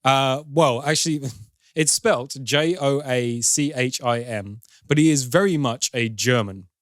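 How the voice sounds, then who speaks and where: A man's voice: mid-range voice, a little slow, no echo, clean studio sound. A man, a podcast film reviewer, chattily retelling a film's plot with wry, sarcastic asides. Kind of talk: casual plot recap.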